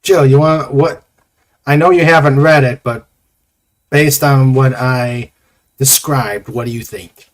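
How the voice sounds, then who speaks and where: A man hosting a casual livestream chat, rambling with many pauses and reading viewer comments aloud. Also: mid-range voice. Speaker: host.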